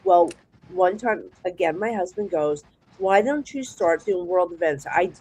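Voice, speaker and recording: A woman's voice: fairly low pitch, unhurried, slight background noise, poor audio. Chatty New Jersey woman telling stories. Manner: chatty, rambling, animated storyteller with restarts. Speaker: psychic guest. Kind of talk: casual storytelling chat.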